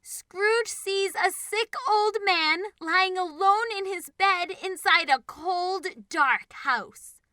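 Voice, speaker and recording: A woman narrating a bedtime storybook, slow and clear. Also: very high voice, expressive, bright, forceful tone, dry recording.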